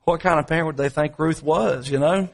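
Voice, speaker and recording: Guy preaching a sermon, kinda high voice, stretches words out then rushes asides. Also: gravelly. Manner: dramatic preaching, swings between drawn-out emphasis and quick asides; repetitive, rhetorical delivery.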